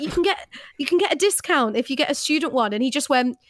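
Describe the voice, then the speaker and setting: Chatty woman, high voice. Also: lively intonation, fast, fairly bright tone, a little hiss or hum. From London. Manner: chatty, giggly, acts out voices in stories. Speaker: podcast co-host. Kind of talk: casual podcast chat. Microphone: remote recording, close mic.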